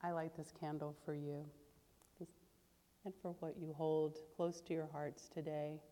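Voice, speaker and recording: A woman leading a church service, reading a story aloud with expressive delivery, then speaking gently to the congregation. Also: low voice, unhurried, big-room sound. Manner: expressive, animated reading that turns soft and gentle. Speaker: service leader.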